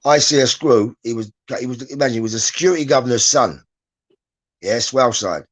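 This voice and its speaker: A man talking as a guest in casual chat, emphatic and halting, restarting his sentences often. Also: medium pitch. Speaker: podcast guest, former prisoner.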